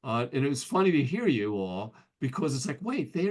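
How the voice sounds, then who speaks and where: A man's voice: medium pitch, big pitch swings, a little fast, few pauses, darkish tone. An American man giving a casual, self-deprecating presentation to an astronomy club as a guest speaker, full of ums and restarts. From United States.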